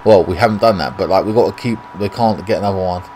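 A man's voice: low voice, quick pace, noisy background. Swearing British man commentating gameplay. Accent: British English. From Britain. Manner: frustrated, swears often, talks to himself. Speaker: gaming YouTuber.

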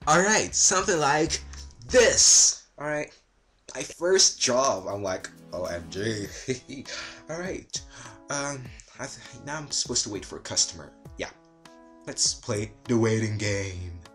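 A man's voice: medium pitch, fairly bright tone. A young man hosting a comedy sketch vlog, chatty and rambling, often breaking off mid-sentence. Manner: chatty, rambling, self-interrupting. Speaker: vlogger.

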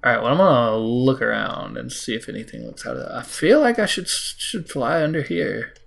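An American man talks through his gameplay in a loose, chatty way, with a gravelly, fry-edged voice at a middle pitch. He teases himself, scolds the game and now and then jumps up into surprised high yelps. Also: animated, fairly quick, fairly bright tone. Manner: self-mocking, talks to the game, sudden high exclamations. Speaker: let's play host. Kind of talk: casual gameplay commentary.

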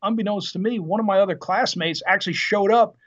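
A man in his fifties tells his stories in a lively, casual way, with plenty of fillers and laughs. His voice sits high for a man. The podcast audio is dull and lo-fi. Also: fast talker. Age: 50s. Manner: lively anecdotal storyteller, frequent fillers and laughs. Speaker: podcast guest, retired Marine officer. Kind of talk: casual interview storytelling.

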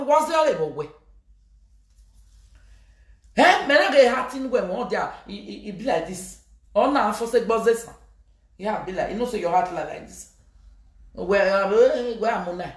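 Speaking to her fans in a vlog, a social media personality with a Nigerian accent scolds them emphatically, often slipping into Pidgin. Her voice is mid-range, and the sound is roomy.

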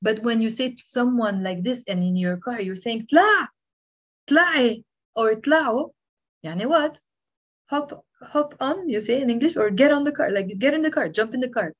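A woman's voice: on the high side, fairly quick, dull audio. A woman with a Lebanese accent, a native speaker of Lebanese Arabic, giving a casual language lesson and often checking in with "okay?".

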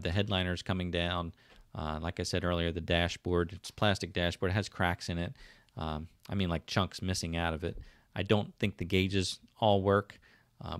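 A man with a South Jersey accent talks loosely on a livestream, his voice sitting low and the sound dry and close. He rambles with lots of fillers and restarts, reading viewer comments aloud as he goes. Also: no echo. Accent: South Jersey / Philadelphia. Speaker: livestream host. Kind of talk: casual livestream chat.

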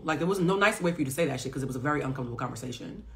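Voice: mid-range voice, expressive, very fast, gravelly, hardly any pauses, fairly bright tone. A life coach talking to viewers in a casual live stream, blunt and emphatic, with plenty of swearing. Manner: emphatic, blunt, profane, talks straight to viewers. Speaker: life coach and psychic reader.

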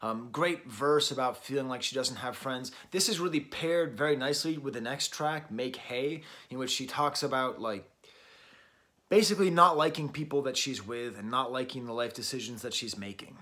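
A man's voice: mid-range voice, moderate pace, bright, forceful tone. Man reviewing an album, full of ums. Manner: hesitant, filled with ums and chuckles; talking while exercising. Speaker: host and record reviewer. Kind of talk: casual album review monologue.

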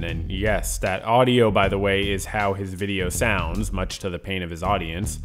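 Low-voiced man, sarcastic commentator. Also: normal speed, hardly any pauses, faint music behind. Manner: argumentative, addresses viewers directly. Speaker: video commentator.

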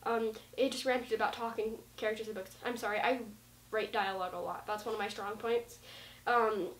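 A woman's voice: medium pitch, steady tone, normal speed. A woman vlogging in a casual, rambling way, full of likes and ums, acting out lines of dialogue as she goes. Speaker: vlogger talking about writing. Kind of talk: casual rambling talk to camera. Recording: roomy sound from a distant mic.

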